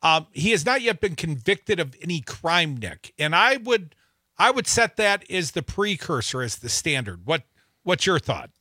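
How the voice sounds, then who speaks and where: A man co-hosting a call-in radio show, his slightly high voice animated and bright. He weighs in with opinions and drops jokes between calls. The studio sound is dry. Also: normal speed, no room sound. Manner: jokey, opinionated, lively. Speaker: radio talk show co-host. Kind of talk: casual call-in talk radio.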